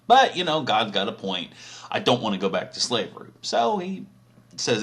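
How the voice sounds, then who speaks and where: A man's voice: medium pitch, wildly swooping pitch, normal speed, a bit bright. A man telling a crude, profane comedic story in a rambling, casual way.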